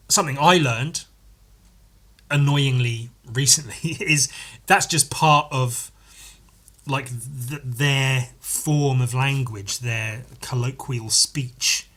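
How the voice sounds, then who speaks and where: Bright-voiced man rambling on his podcast. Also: mid-range voice, husky. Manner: rambling, self-correcting, swears freely. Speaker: podcast host. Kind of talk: casual solo podcast monologue.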